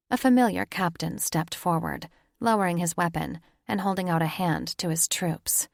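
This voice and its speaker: A woman narrating an audiobook in a measured, dramatic read. Her voice sits low with a gravelly texture, and the close recording is dry, with no room sound. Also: dry recording. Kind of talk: scripted narration.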